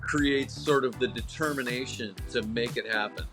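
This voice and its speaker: A man's voice: mid-range voice, moderate pace, music in the background. A man, a tennis coach who is a guest on a podcast, telling stories in a casual chat and acting out what people said. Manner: animated storyteller acting out quotes.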